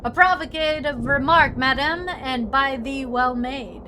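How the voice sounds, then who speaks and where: A woman's voice: high voice, fairly even intonation, a little slow, sharp tone, a little hiss or hum, poor audio. A woman voicing a pompous old-fashioned man who speaks in stiff, archaic phrases. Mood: haughty. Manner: archaic, stiff, elaborate speech. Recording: faint music behind.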